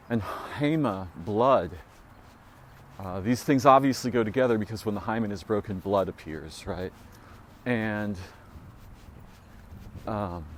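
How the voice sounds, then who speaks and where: A man musing aloud in a solo recording, rambling and speculative, often trailing off into fillers and restarts, with his pitch leaping up on points he stresses. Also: slight background noise.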